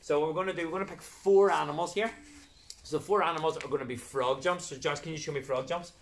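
Male kids' PE coach, slightly high voice, upbeat cueing, roomy echo off a distant camera. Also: fairly even intonation, fast talker, creaky. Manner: upbeat, playful, step-by-step cueing. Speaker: children's PE coach. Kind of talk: live exercise class instruction. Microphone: camera set back across the room.

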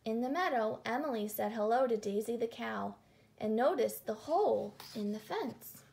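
A woman calmly reading a children's picture book aloud. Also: fairly high pitch, normal speed, vocal fry, a little hiss or hum. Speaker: storyteller.

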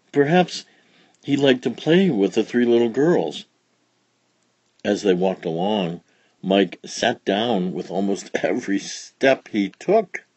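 A man reading a children's picture book aloud in a slow, expressive, gentle storytelling manner. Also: on the low side, husky, no room sound. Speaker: storybook reader.

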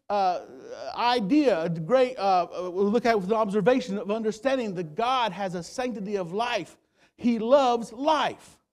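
In a church sanctuary, a male pastor preaches, his sermon climbing to loud, emphatic peaks and sinking into quiet, low passages. He repeats words while collecting his thoughts.

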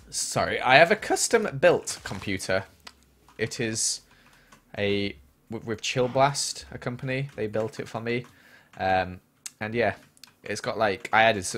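A man's voice: lowish voice, a bit bright. A young man streaming a game, chatting casually and answering chat questions from a small room at home. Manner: chatty, reads chat aloud and answers while playing.

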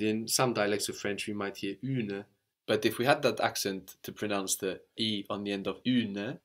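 A man with a somewhat low voice leads a spoken language lesson. He explains patiently, one step at a time, and often checks in with the learner by ending on a questioning "no?". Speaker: language teacher.

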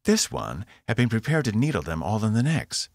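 A man's voice: fairly low pitch, wildly swooping pitch, moderate pace, vocal fry, no room sound, studio quality, voice pushed up, exaggerated voice. A man voicing a female alien doctor with four hands, explaining with some uncertainty.

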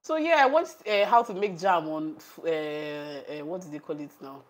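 Young Nigerian woman vlogger, lower-pitched voice, animated and chatty, laughs often. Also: normal speed. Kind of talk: casual chat while cooking.

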